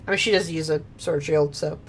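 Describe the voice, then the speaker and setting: A woman's voice: deep voice, steady tone, a little fast, slight background noise. A woman streaming a video game, chatting casually, laughing often, swearing freely and reading game lines aloud. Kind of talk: casual gameplay commentary.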